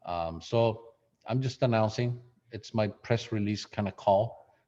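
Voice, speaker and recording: A man coaching a class on phone scripts in a relaxed, conversational way, with many fillers and restarts. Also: lowish voice, unhurried, dull audio. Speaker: real estate trainer.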